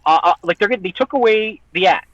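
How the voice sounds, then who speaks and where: A man with a notably high voice rants heatedly, swearing and putting on mocking voices as he argues his point. His audio is dull and lo-fi, close and dry with no room sound. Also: fast, a bit bright, no room sound. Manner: heated, profane ranting with mocking quoted voices. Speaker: guest, online content creator. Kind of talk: casual podcast chat.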